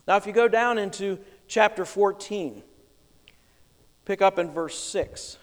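A man with a high voice preaching in a church sanctuary. His delivery is emphatic, with soft low stretches that build to loud bursts. His voice rings with the long reverb of a big hall. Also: slow pace, long pauses. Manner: emphatic preaching with wide swings in loudness. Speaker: pastor. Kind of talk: sermon.

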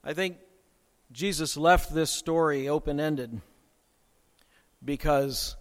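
A man preaching a sermon with dramatic swings in loudness and pace. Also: a little high, takes it slowly. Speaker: pastor. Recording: long hall reverb.

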